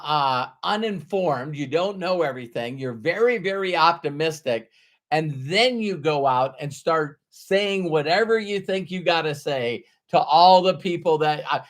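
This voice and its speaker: A middle-aged man delivers a motivational talk, unhurried and emphatic. His voice sits a little high for a man, and he likes to repeat the lines he wants to land. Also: lively intonation. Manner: emphatic, repeats key phrases. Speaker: motivational speaker.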